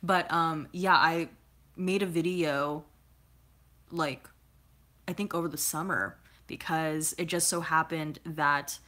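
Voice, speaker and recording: A woman's voice: sits low, steady tone, takes it slowly, a bit bright. A woman from California chatting casually as she answers viewer comments, rambling with lots of filler words and laughing often. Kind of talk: casual chat.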